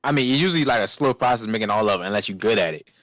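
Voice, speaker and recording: A young man casually telling a profane, animated story about a fast-food job, acting out customers' voices. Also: on the low side, no room sound. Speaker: podcast co-host.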